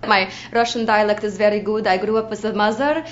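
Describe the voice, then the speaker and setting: A woman's voice: medium pitch, steady tone, brisk. A young adult woman from Ukraine giving an audition slate, chatty and bubbly, often saying "like.". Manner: chatty, bubbly, uses lots of "like". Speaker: actor auditioning. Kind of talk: audition slate, self-introduction. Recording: dull lo-fi recording.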